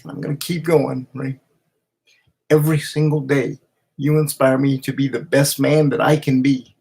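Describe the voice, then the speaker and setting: A man's heartfelt message is captured by the camera he faces, his mid-range voice gravelly, a bit husky and a little mellow, with a flat delivery. Emotion makes him falter, and he keeps pausing and restarting.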